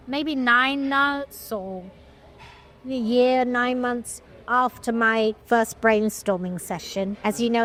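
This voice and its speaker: A middle-aged woman, a film producer telling an animated story in an interview, with frequent restarts. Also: fairly high pitch.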